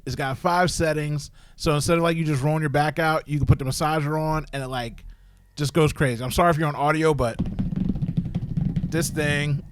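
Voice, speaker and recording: Animated, slangy man chatting. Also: fairly high pitch, no room sound. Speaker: podcast host, wrestling parent. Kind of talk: casual chat.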